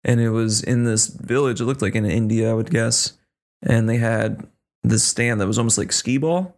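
A man chatting as a podcast guest, thoughtful and measured. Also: mid-range voice. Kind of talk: casual chat.

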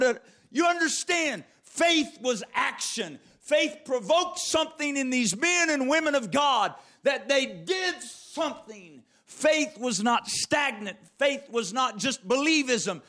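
A man's voice: extremely high pitch, animated, takes it slowly, sharp tone. A man preaching a sermon, reading scripture aloud and stressing key phrases with emphatic repetition.

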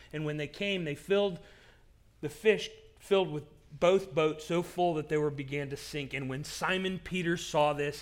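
Pastor guy preaching from a stage, fairly high voice, earnest and dramatic. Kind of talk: sermon. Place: stage with pulpit.

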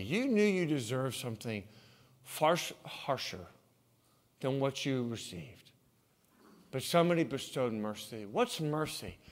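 A male preacher delivering a sermon in an unhurried, expressive voice that runs high and leaps across a wide range. He moves between quiet, hushed stretches and loud, emphatic peaks. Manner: dramatic swings from hushed to shouting. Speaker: pastor.

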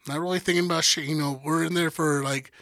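A man in casual podcast chat, telling a story with lots of swearing and acted-out quotes. His voice sits a little high and sounds bright and forceful. The sound is dry and close, with no room around it. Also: steady tone, quick pace, no room sound. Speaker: podcast co-host.

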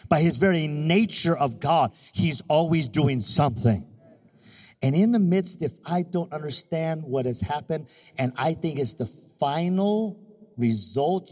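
A pastor in his fifties preaching in a church, animated and joking as he acts out little scenes. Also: on the high side, in a large hall. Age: 50s. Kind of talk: sermon.

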